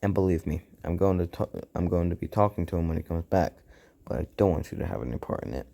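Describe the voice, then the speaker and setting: A man reading the lines of a caring, worried middle-aged mother, gentle but firm. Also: low-pitched, lively intonation, quick pace, vocal fry, full character voice. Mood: tender.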